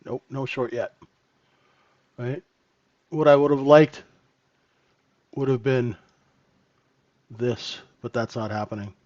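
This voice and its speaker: A man's voice: medium pitch, slow pace, pauses often, darkish tone, no room sound, highs cut off. A man hosting a live trading room, talking casually and thinking aloud as he calls futures trades.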